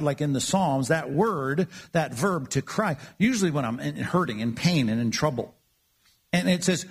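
A man's voice: on the high side, husky. A man preaching a sermon, earnest and emphatic, often repeating words as he builds his points. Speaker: pastor.

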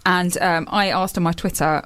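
A woman's voice: fairly low pitch, steady tone, normal speed, fairly bright tone, dry recording. A young woman co-hosting a radio show, chatty and giggly as she tells stories. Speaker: radio co-host. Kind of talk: casual banter.

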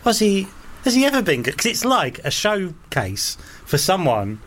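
A man's voice: high voice, wildly swooping pitch, normal speed, a bit bright. A man co-hosting a casual podcast chat, easygoing and amused. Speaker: podcast co-host.

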